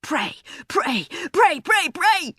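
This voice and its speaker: A woman's voice: a little high, wildly swooping pitch, a little slow, gravelly, no echo, studio quality, pitched above the performer's own voice, exaggerated voice. Woman doing a cross small boy. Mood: shouting. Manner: cross, shouting. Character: small boy, irritable young inventor.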